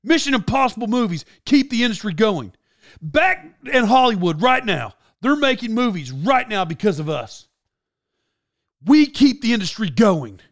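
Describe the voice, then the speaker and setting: A man voicing a furious male movie star who shouts at his film crew. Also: sing-song, normal speed, dry recording, studio quality. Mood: angry. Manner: shouting, high and strained.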